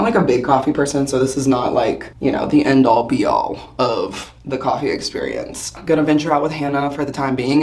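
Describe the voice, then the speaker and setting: A woman vlogging casually while getting ready in a hotel bathroom, her voice hoarse from shouting, chatty and rambling with frequent laughs. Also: a bass voice. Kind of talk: casual chat to camera.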